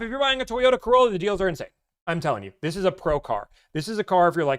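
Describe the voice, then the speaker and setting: Car-deal advisor, man with a slightly high voice, animated and joking, casual live-stream delivery. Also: very fast, clear, resonant tone.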